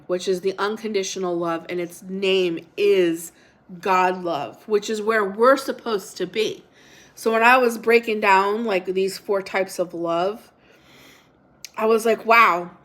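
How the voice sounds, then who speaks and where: Her voice is medium in pitch and a bit bright. A middle-aged woman, she runs a casual devotional livestream where she reads scripture and viewers' comments aloud, often repeats herself, and is unsure of some pronunciations.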